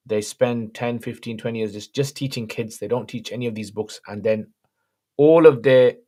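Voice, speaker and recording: A man hosting a casual livestream Q&A, reading viewer questions aloud and answering them plainly in a relaxed, conversational way. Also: on the low side.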